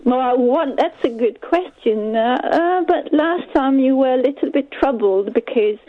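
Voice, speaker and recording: A woman on a radio show chatting in a gentle, questioning way. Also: high voice, lively intonation, a little slow, no room sound, narrow, tinny audio. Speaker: radio co-presenter. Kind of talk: casual radio chat.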